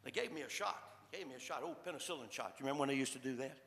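A man's voice: mid-range voice, very fast, creaky, a bit bright. An older man preaching a sermon as a folksy personal story, with stammering restarts and repetitions. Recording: echoey hall sound.

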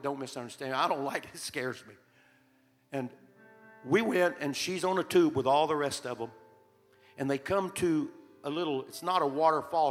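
Older male pastor, earnest sermon storyteller, raspy-edged voice, cavernous reverb. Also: fairly high pitch, fairly bright tone. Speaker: preacher. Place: church sanctuary. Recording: long hall reverb, faint music.

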